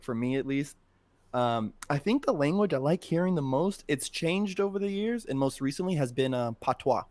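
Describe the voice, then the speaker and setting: A young man hosting a podcast, chatting casually in a relaxed, slangy way with laughs. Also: fairly high pitch, no room sound. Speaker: podcast host.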